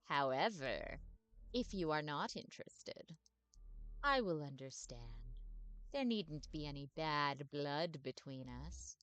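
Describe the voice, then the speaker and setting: A woman voicing a sorrowful female vampire ghost who speaks slowly and formally, in a game playthrough. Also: low-pitched, animated, fairly bright tone, exaggerated voice. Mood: solemn. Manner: slow, solemn and formal.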